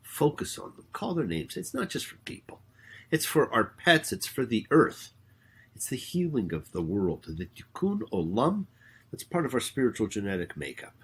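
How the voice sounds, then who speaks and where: A man, a rabbi hosting his own show, giving a spoken sermon with emphatic, drawn-out words. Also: fairly low pitch, very animated, husky. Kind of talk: spoken sermon with prayer and sung hymn.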